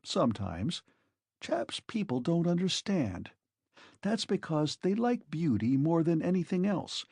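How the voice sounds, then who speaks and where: A man's voice: a little high, a little mellow, breathy edge, no room sound, clean studio sound, voice pushed up, exaggerated voice. A man reading an audiobook, voicing an earnest, shy young man who speaks hesitantly.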